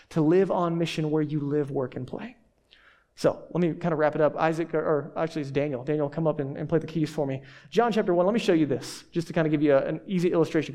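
A male pastor with a high, light voice delivers a sermon in a church hall. He preaches in a lively, conversational way, leaning on emphatic repetition.

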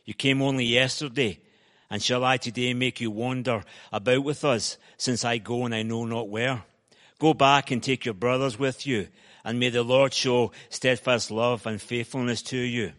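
A man from Glasgow with a Scottish accent, reading scripture aloud at a steady, measured pace. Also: mid-range voice. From Scotland. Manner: steady, measured reading that lifts for quoted speech. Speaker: scripture reader. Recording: long hall reverb.

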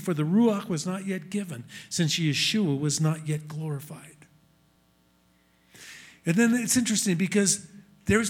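A man's voice: sits high, breathy edge. A man preaching a sermon to a congregation in an earnest, rising and falling delivery. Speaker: messianic congregation teacher. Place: congregation hall with screen.

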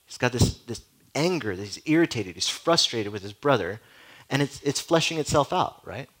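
A male pastor delivers a sermon in a loose, conversational style. He often drops in "like" and puts questions straight to his listeners. His voice sits at a medium pitch for a man. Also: expressive, moderate pace, a bit bright, poor audio. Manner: conversational, peppered with "like" and direct questions.

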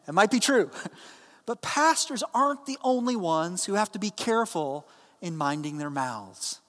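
A man giving a sermon as a pastor, telling a story in a plain, conversational way and dropping his voice low and soft when he voices the people in it. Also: lively intonation, measured pace, big-room sound.

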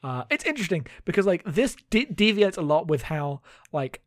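A man's voice: high-pitched, moderate pace, no echo, clean studio sound. A man co-hosting a podcast, chatting casually as he recaps a TV episode. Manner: chatty, animated, full of fillers. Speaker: podcast co-host.

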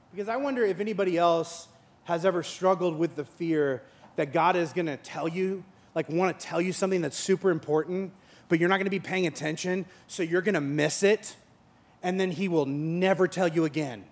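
A man with a notably high voice delivers a sermon as a pastor. He moves between humorous asides, where he acts out imagined conversations, and sincere, thoughtful teaching. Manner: humorous storytelling with acted-out dialogue; earnest and reflective in teaching parts.

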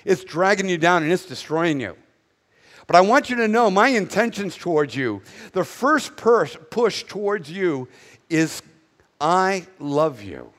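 A man's voice: high-pitched, sing-song, unhurried, fairly bright tone. A male pastor with a Northern US accent, preaching a sermon in a blunt, conversational way with casual asides. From northern United States. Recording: echoey hall reverb.

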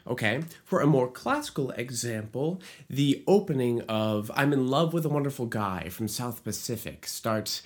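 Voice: medium pitch, lively intonation, moderate pace, hardly any pauses. A musical theater writer explaining lyric writing in an educational video, with playful asides and short sung examples. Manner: playful asides, jokes about own bad accent.

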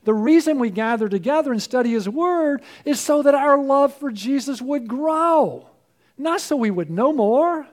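Male pastor, high voice, hoarse and fading, earnest, rhetorical. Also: animated, measured pace. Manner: earnest, rhetorical questions, swings from loud to hushed. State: losing his voice, throat clearing. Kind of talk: sermon.

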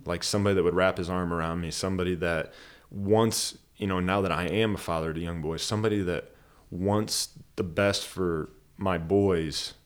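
A man's voice: deep voice, fairly even intonation, moderate pace, few pauses, smooth. A man talking in a casual podcast conversation, telling a personal story earnestly and rambling with many fillers. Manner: earnest, rambling, heavy use of "like". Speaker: podcast guest.

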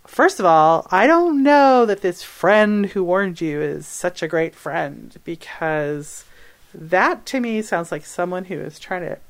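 A woman with a voice on the low side, speaking slowly, hosts an advice podcast. She answers a listener's question animatedly and emphatically, laughing and correcting herself along the way.

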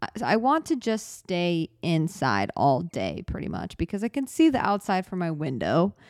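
A young woman talks into her studio microphone in a loose, rambling podcast chat. Her voice sits low and smooth, and the room sounds dry and close. She jokes at her own expense and hurries until she's out of breath. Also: huge pitch swings, a little mellow, dry recording. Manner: rambling, self-deprecating, talks fast and runs out of breath. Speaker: podcast host. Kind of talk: casual solo podcast chat. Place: small studio apartment.

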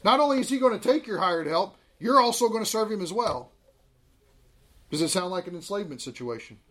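A man in his thirties teaching a Bible class in a conversational, animated way. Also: high voice, fairly quick.

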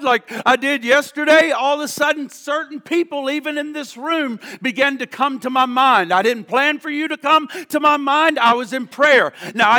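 Male pastor, sermon delivery; very bright, forceful tone, impassioned. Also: very high voice. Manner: impassioned preaching, drops to hushed confessional prayer. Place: church sanctuary.

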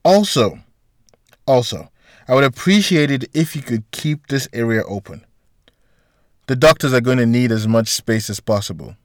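A man voicing a woman hospital doctor who speaks in a forceful, clipped, insistent way. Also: medium pitch, expressive, normal speed, pauses often, no echo, clean studio sound, lightly acted. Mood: firm.

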